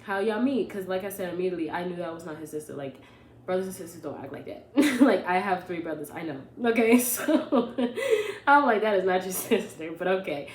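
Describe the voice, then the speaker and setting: A young woman vlogger, telling a story in a casual, animated, rambling way and often correcting herself. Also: lowish voice, a little fast. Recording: echoey room with faint ambience.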